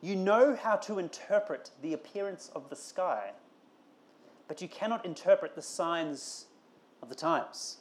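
A man's voice: sits high, lively intonation, unhurried. A man preaching a conversational sermon, asking rhetorical questions and building to emphatic calls. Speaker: pastor.

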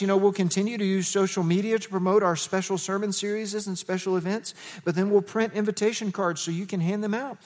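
A man preaching as the pastor of his church, telling stories with lively, animated delivery. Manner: animated storytelling, jumps to high excited quotes. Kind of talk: sermon.

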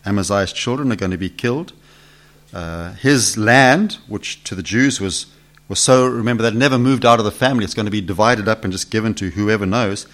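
A brisk preacher with a lowish, fairly bright voice leads a Bible study for a group in a meeting room. His tone is conversational, and he asks questions and performs the voices from the scripture.

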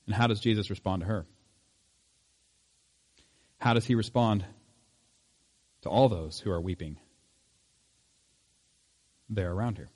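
A man's voice: on the low side, a little slow, long pauses, darkish tone. Man preaching in a conversational way. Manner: conversational preaching with rhetorical questions. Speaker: pastor. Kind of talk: sermon.

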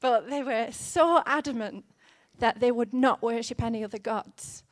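A woman in her thirties preaching a sermon in an earnest, gently conversational way, with fillers here and there. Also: fairly high pitch, moderate pace, no room sound, studio quality.

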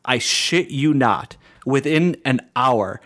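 A man's voice: mid-range voice, takes it slowly. A man telling a story in casual chat, acting out the people he quotes and filling his talk with "like". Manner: animated, acts out quoted dialogue, lots of "like" fillers, laughs between lines. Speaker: podcast co-host and streamer.

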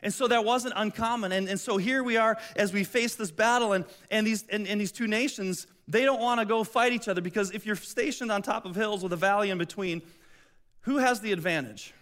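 A middle-aged man preaching a lively storytelling sermon with a high voice. He keeps restarting phrases and acts out the characters as he goes. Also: a little fast. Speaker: pastor.

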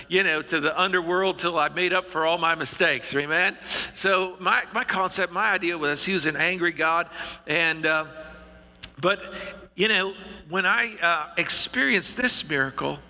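A middle-aged male pastor tells his story in a slightly raised, very bright voice. He speaks in a folksy, earnest way and stumbles and restarts often. His words ring out with the long reverb of a large hall. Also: high-pitched. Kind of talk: storytelling sermon.

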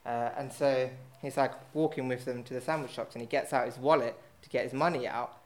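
A man's voice: mid-range voice, steady tone, a little fast. A man telling a casual anecdote on stage, rambling with lots of fillers and poking fun at himself. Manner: rambling, filler-heavy, self-mocking. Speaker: storyteller at a live event.

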